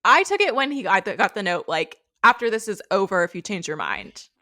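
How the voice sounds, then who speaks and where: Speaking a little fast in a mid-range voice, this podcast co-host recaps a reality show. She's chatty and animated, telling the story casually and acting out quotes along the way.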